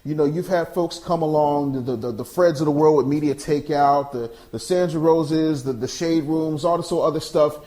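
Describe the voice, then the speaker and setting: A brash male podcast host who talks business straight and in your face, with streetwise slang. His voice sits a little high for a man. He moves between casual chat and punchy ad reads. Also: normal speed, hardly any pauses, dark tone.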